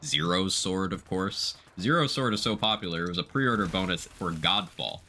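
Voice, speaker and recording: A man's voice: sits low, animated, normal speed, bright, forceful tone, a little hiss or hum. A man streaming a video game, chatting casually about gear and reading out viewer comments as he plays. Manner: chatty, reads out viewer chat while playing.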